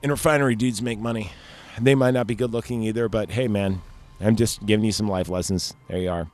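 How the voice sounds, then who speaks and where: A man's voice: fairly low pitch, steady tone, a little fast, darkish tone. A man casually recapping a movie, rambling and joking, with lots of fillers and swearing. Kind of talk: casual chat.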